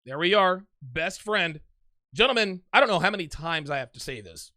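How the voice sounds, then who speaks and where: A man's voice: on the high side, animated, normal speed, bright, forceful tone, dry recording. A man doing mocking reaction commentary, emphatic and sarcastic, on a close microphone. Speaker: commentary host.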